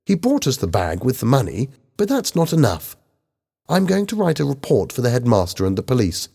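A man voicing Mister Penny, a calm, sensible economics teacher who speaks in a measured, reasonable way. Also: medium pitch, vocal fry, slightly rough, pitched above the performer's own voice, full character voice.

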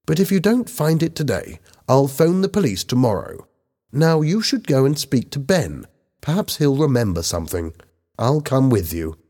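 A man doing a sensible schoolteacher, measured and reasonable, voice raised above his own, lively pitch, storybook reading. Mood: calm. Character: adult male economics teacher, calm and sensible.

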